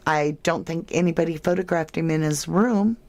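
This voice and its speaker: A woman's voice: low voice, normal speed, darkish tone, slight background noise. A woman hosting a casual true crime livestream, reading viewer comments aloud and chatting with them as "love".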